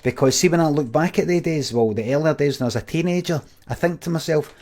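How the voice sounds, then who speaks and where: A man's voice: on the high side, fast, few pauses, a little mellow. A middle-aged man with a Scottish accent, telling a rambling anecdote to his stream in a blunt, sweary way, often restarting his sentences.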